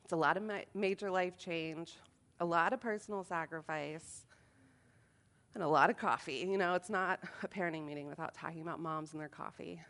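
A woman in her thirties speaking at a moms' meeting, telling funny, self-deprecating stories in an animated way. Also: on the low side, fairly quick. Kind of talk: humorous talk to a group.

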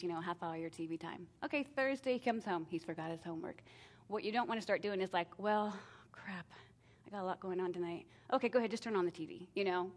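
A middle-aged woman talks through parenting advice in a relaxed, chatty way. She slips into lively put-on voices for her kids and herself and laughs at her own slip-ups. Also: mid-range voice. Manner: animated, acts out family exchanges with self-deprecating laughs. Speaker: parenting speaker. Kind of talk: casual talk on parenting.

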